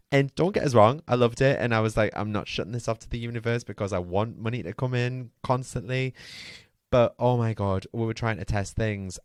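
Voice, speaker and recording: A man's voice: on the low side, dry recording, clean studio sound. A man hosting a podcast, telling a rambling, chatty story full of asides and fillers. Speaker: podcast host. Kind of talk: casual storytelling monologue.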